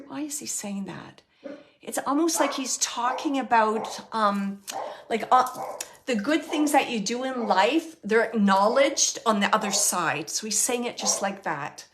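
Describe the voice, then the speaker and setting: A woman hosting a show and giving a live mediumship reading, speaking earnestly in halting phrases with many fillers and restarts, often checking in with the person she reads for. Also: fairly high pitch, noisy background.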